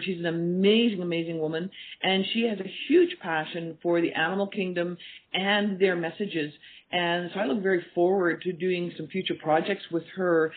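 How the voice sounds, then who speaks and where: A woman guest on a radio interview, telling stories earnestly and acting out quoted dialogue. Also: medium pitch. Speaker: guest, animal communication teacher. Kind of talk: storytelling interview talk. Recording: tinny phone line.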